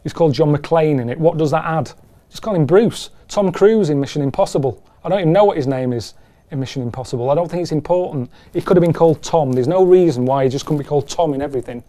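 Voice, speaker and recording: A man talking in a rambling, deadpan and self-deprecating way as an interviewee. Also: a little high, fast talker. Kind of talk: rambling casual chat.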